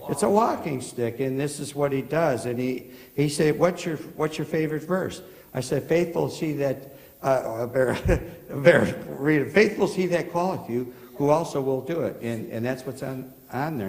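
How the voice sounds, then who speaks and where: This pastor's medium-pitched, slightly mellow voice trails off into a long reverb in a rough recording from a church sanctuary. His sermon drifts through loose anecdotes, with halting delivery, repeated words, frequent restarts, and questions for the congregation.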